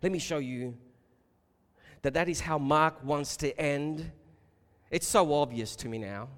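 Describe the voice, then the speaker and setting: A man preaching a sermon, emphatic and rhetorical, calling his listeners beloved and building to loud repeated questions. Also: on the high side, a little slow. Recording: long reverb of a large hall.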